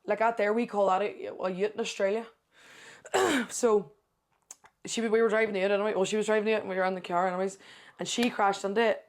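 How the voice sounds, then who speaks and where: Lively Northern Irish woman telling stories. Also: medium pitch, fast. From Northern Ireland. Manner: animated storyteller, swears to God, says aye and like a lot. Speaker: podcast guest, content creator. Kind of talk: casual chat.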